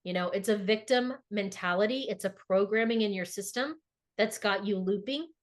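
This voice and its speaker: A woman's voice: mid-range voice, moderate pace. A middle-aged woman speaking earnestly and emphatically in a reflective podcast conversation, often repeating words for emphasis. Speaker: podcast co-host.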